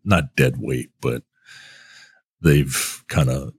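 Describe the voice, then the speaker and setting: A man in his thirties co-hosting a casual podcast, talking in a hesitant, wry way with frequent pauses and restarts. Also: a bass voice, husky, no room sound. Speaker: podcast co-host. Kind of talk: casual chat.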